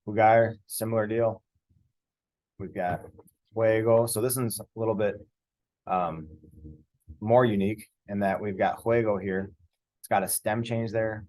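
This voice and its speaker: A man teaching a screen-share Spanish grammar lesson in a relaxed, rambling way, spelling words out letter by letter. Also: low voice, no echo.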